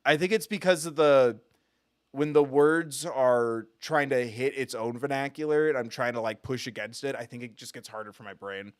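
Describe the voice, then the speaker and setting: A man streaming a game, joking quickly and reading the dialogue aloud. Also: medium pitch, clear, resonant tone. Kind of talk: casual gaming commentary, reading game lines aloud. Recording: gaming stream with music underneath.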